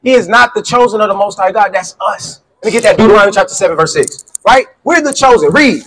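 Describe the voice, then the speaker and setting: A man's voice: high-pitched, lively intonation, fast talker, a bit bright, poor audio. A man preaching in the street with call-and-response, insistently quizzing a listener and repeating his questions.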